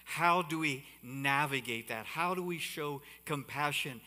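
A man preaching a sermon as pastor on a body mic, animated and given to asides to the congregation. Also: on the high side, unhurried, long reverb tail. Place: church sanctuary. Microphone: body-worn mic.

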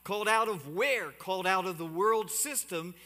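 Man, pastor, sermon, bright voice, reverberant church hall. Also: high-pitched, normal speed. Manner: animated, laughs and asides to the congregation. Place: church sanctuary. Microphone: body-worn mic.

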